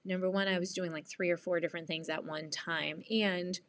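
A woman's voice: fairly low pitch, steady tone, brisk, fairly bright tone, a little hiss or hum. A woman in her thirties talking candidly to camera as a mom vlogger, earnest and rambling, often laughing as she tells the story. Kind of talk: candid confessional vlog.

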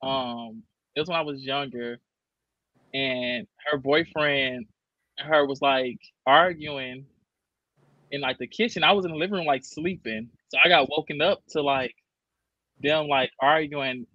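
A man's voice: mid-range voice, a little slow, dry recording, dull audio. A man on a podcast panel, chatting casually and telling a story in a slangy way, with lots of "like". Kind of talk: casual chat.

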